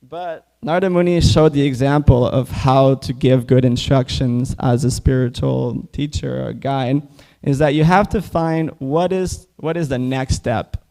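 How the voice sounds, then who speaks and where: A man gives a casual scripture class in a temple hall, filling his speech with "like". His voice is gravelly and dark, and his tone is mellow. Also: medium pitch, unhurried. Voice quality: casual, full of "like" fillers.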